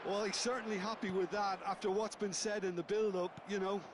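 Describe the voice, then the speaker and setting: A man giving measured, analytical football co-commentary between the main caller's lines. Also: high voice, level tone. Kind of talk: sports commentary from a video game. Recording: loud background noise.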